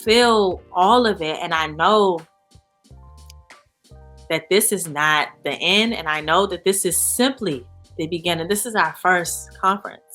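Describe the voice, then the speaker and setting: A woman speaking as an interview guest in a candid, animated way, full of "you know" and "like". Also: on the low side, a little slow, long pauses, faint music behind. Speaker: guest, founder of a support organization. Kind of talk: casual interview chat.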